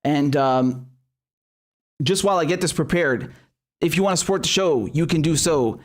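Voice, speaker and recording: A man's voice: on the high side, moderate pace. A man hosting a live stream, commenting bluntly with heavy swearing and many restarts, then reading viewer chats. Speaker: show host.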